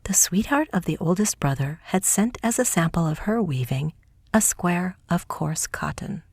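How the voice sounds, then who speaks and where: A woman narrating a folk tale audiobook in a soft, hushed, scripted reading. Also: on the low side, expressive, normal speed, breathy edge, dry recording, studio quality.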